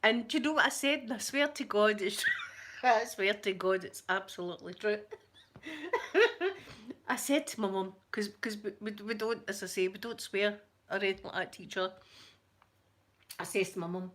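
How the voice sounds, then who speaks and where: A woman's voice: medium pitch, moderate pace, fairly bright tone. Scottish woman, casual storytelling, rambling, candid, lots of restarts. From Scotland. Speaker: channel host.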